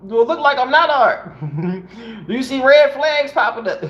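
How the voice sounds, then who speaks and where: High-voiced man reading aloud in a roomy space. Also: big pitch swings, slow, a bit bright, muffled recording. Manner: loose, conversational, slangy asides. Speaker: reader and commentator. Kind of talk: reading a book aloud with casual commentary.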